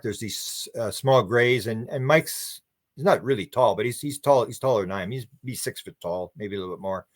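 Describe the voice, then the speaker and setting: A Canadian UFO researcher with a Canadian accent and a medium-pitched voice answers interview questions as a guest. He tells a story, voicing the quoted dialogue with lively shifts.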